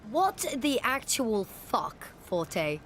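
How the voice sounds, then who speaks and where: A British woman with a slightly high voice trades playful, swearing banter. She laughs easily while she streams a police roleplay game. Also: sing-song, drawn-out words, faint music behind. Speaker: streamer playing a police officer.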